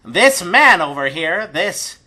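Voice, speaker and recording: A man's voice: high voice, very animated, slow pace, sharp tone, voice pushed up, full character voice. A man voicing a theatrical male gnome showman announcing to a crowd. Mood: grandiose. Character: showman gnome inventor, grandiose.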